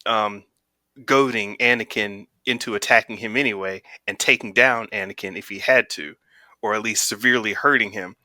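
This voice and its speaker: This podcast co-host has a bright yet fairly low voice and talks at a moderate pace about movies in casual conversation. The audio is studio quality, with no room sound.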